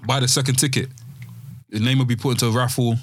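A man's voice: medium pitch, fairly even intonation, quick pace, a little hiss or hum. A young man co-hosting a casual podcast, slangy and easygoing, with many filler ums. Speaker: podcast co-host. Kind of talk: casual chat.

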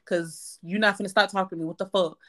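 A woman's voice: mid-range voice, fairly even intonation, quick pace, fairly bright tone. A woman in her thirties co-hosting a casual chat, blunt and profane, giving advice. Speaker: podcast co-host.

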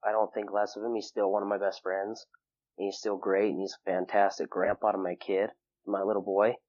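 A young man talks through a personal memory in a loose, rambling way, filling gaps with casual fillers. His voice sits a little low and the sound is dry and close. The recording is somewhat dull and muffled. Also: level tone, a little fast, a little mellow, no echo. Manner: rambling, filler-heavy, acts out quoted people in a raised voice. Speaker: interview guest. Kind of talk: personal storytelling in casual conversation.

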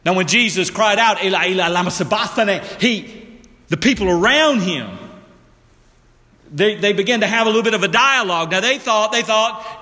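A pastor preaching a slow, emphatic sermon, talking directly to the congregation and dropping to a low hushed voice for weight. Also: male voice, animated, in a large hall.

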